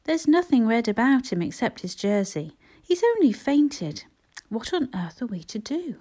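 A woman's voice: fairly high pitch, sing-song, moderate pace, warm tone, slightly rough. A woman voicing a bossy, proud young boy who speaks firmly and takes charge. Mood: scornful.

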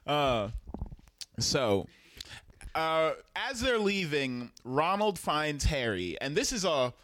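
A man's voice: a little high, extremely slow, pauses often, a little hiss or hum. A young man in casual chat, retelling a story with laughter and swearing, acting out the characters' lines. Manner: animated, laughing often, acts out characters in quotes, swears freely.

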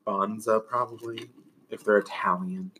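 A man's voice: lowish voice, a little fast, a bit bright, slight background noise. A young man co-hosting a podcast, chatting casually while eating, swearing freely and filling his talk with fillers and laughs. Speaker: podcast co-host.

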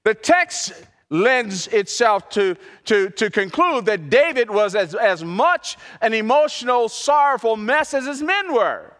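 A middle-aged man preaching with a high, bright voice. He drops to a near hush, then climbs into loud, pleading passion, and he hammers key phrases again and again. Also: very animated, a little slow, big-room sound. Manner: swings from quiet and soft to loud and impassioned, repeating phrases for emphasis. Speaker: pastor. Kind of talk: sermon.

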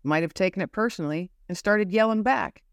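In a brisk, medium-pitched voice, a female guest shares personal stories of faith, sounding earnest and searching and frequently circling back over the same words as she looks for the right ones. The studio sound is clean, with no echo.

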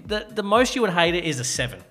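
A man's voice: sits high, very animated, fast, bright, forceful tone, faint music behind. A man co-hosting a radio show, chatty, laughing often and stumbling over words. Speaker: radio co-host. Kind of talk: casual radio banter.

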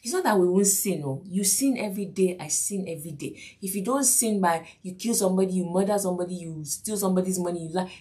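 A woman's voice: fairly low pitch, quick pace, hardly any pauses, warm tone. A woman preaching a sermon lesson, repeating key lines, asking the listeners questions and acting out the quotes. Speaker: preacher and teacher.

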